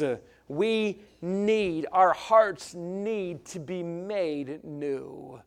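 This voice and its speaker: High-voiced man preaching with big swings. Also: extremely slow, gravelly. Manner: emphatic, swings from shouting to quiet asides; folksy, plain-spoken with humor. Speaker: pastor. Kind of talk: sermon.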